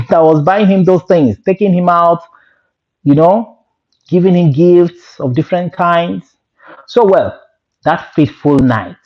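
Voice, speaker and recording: A man with a Nigerian accent telling a story in a casual, animated way, with laughs and Pidgin asides. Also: fairly high pitch. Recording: lo-fi dull sound.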